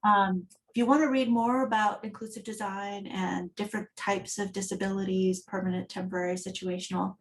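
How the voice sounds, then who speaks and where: A woman's voice: medium pitch, steady tone, brisk, few pauses. A woman giving an accessibility talk at a design meetup, speaking in a conversational, storytelling manner. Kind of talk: conference talk.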